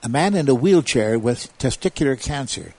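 At a moderate pace and medium pitch, with no room sound, a man tells the story of an investigation during a casual talk. He acts out what others said in a raised voice, keeping things animated.

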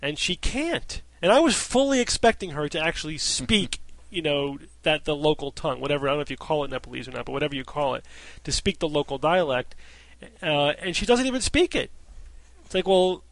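A man's voice: a little high, animated, brisk, creaky, fairly bright tone, dry recording. A male podcast host in casual panel chat, wry and skeptical, laughing often.

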